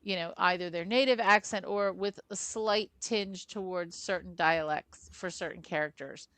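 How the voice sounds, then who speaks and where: A woman co-hosting a film discussion who explains her views at length and with conviction. Her voice is lowish for a woman and recorded close and dry. She talks in a casual, conversational way. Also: normal speed, fairly bright tone, no room sound. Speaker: film podcast co-host. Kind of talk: casual chat.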